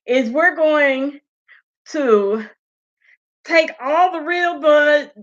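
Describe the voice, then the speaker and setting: Woman doing a preachy country-drawl white guy, slow and drawn out, muffled audio. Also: high-pitched, a bit bright. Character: mocking white American man, country drawl.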